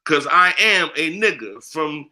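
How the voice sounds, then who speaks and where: His voice is on the high side, pushed and bright, expressive and a little slow. A spiritual priest from the United States, he is an interview guest speaking candidly and bluntly with heavy profanity and street slang.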